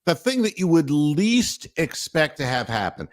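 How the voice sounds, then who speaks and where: A man hosting a casual sports talk podcast, telling stories in an animated way with bursts of mock outrage and frequent laughter. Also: a little high, measured pace. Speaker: podcast host.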